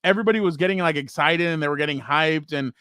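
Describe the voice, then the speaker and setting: Excitable man talking wrestling, higher voice. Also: fast, no room sound, clean studio sound. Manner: excitable, laughs while retelling stories; acts out other people's lines in a raised voice. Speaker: podcast co-host. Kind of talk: casual sports chat.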